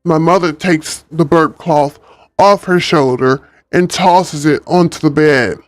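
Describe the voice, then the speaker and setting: A man's voice: fairly high pitch, steady tone, slow pace, no echo, studio quality, faint music behind. A man chatting and reading a book aloud on a livestream, laid-back and ad-libbing. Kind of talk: casual livestream story reading.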